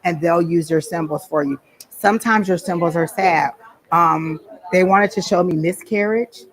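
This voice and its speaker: A woman's voice: on the low side, moderate pace, rough recording. A woman teaching a class on psychic reading, talking casually and telling stories with frequent ums. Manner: chatty storytelling with frequent ums. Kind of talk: casual teaching talk to a small group.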